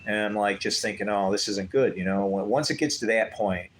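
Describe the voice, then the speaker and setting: A man telling a personal story in casual conversation, rambling and animated, acting out what others said. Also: lowish voice, fairly quick, slight background noise. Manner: rambling, animated, acts out quoted voices. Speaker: guest telling his story.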